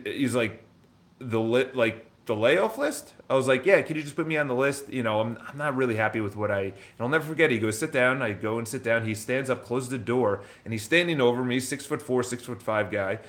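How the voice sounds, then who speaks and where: A man casually telling a personal story to the camera. He talks in an animated way, acts out the other people's lines, often restarts his sentences, and swears now and then. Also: mid-range voice, fairly quick. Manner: animated retelling, acts out dialogue, frequent restarts. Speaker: real estate vlogger.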